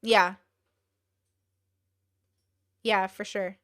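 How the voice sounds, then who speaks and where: A woman's voice: mid-range voice, fairly even intonation, drawn-out words, fairly bright tone, no room sound, clean studio sound. Blunt, swearing young woman streamer. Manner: blunt, profane and exclaiming; fires off rhetorical questions. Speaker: streamer host. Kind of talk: casual live-stream commentary.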